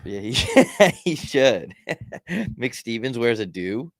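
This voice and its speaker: A man's voice: medium pitch, very animated, takes it slowly, gravelly, no echo, clean studio sound. A man co-hosting a podcast in casual sports chat, rambling and profane. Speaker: podcast co-host.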